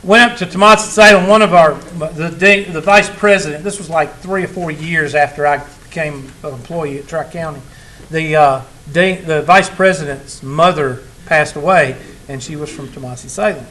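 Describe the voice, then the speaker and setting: A man's voice: on the high side, normal speed, bright, forceful tone, rough recording. Folksy man teaching a class. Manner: folksy, teasing storyteller. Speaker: college math instructor. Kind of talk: casual classroom talk.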